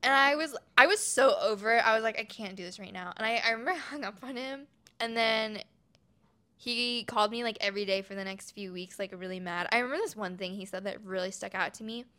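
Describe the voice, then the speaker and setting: Frank twenties woman from oregon, lively storyteller, sharp bright voice. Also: on the high side, fast, clean tone. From Oregon, USA. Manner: frank, animated, drops into quoted voices. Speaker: podcast guest. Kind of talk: candid personal storytelling.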